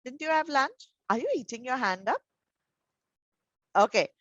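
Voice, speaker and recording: A woman teaching young children over a video call, gentle and encouraging, full of endearments. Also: sits high, expressive, normal speed, no room sound. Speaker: preschool teacher. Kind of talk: online class with young children. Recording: dull, dry video call audio.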